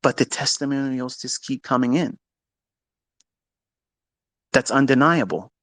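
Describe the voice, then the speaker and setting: A man giving an unscripted motivational lecture as a trading mentor, blunt and profane, dropping to low mutters and then rising to loud, emphatic outbursts. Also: unhurried, pauses often, dry recording.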